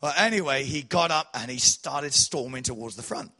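Man preaching an animated testimony. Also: mid-range voice, moderate pace. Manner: animated storytelling, swells loud then drops soft. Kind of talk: sermon testimony.

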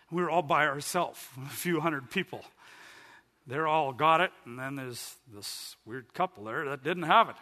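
Serving as pastor, a middle-aged man preaches a sermon and tells a story with animated delivery, his voice climbing high when he gets excited. The recording carries a long hall reverb.

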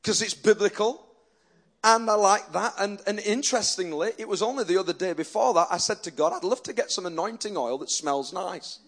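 A man's voice: sits high, a little fast, a bit bright, husky. A male pastor preaching a sermon earnestly and emphatically, often restarting his sentences.

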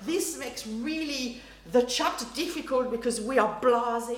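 Lively woman preaching in an echoey hall. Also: a little high, unhurried. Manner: lively, animated, acts out quoted reactions, laughs often. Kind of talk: sermon. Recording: roomy hall echo, faint ambience.

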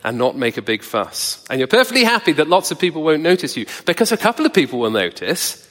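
Preacher in a reverberant church hall. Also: male voice, on the high side, sing-song, fairly bright tone. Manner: measured, wry and conversational, slowing to stress words. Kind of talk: sermon.

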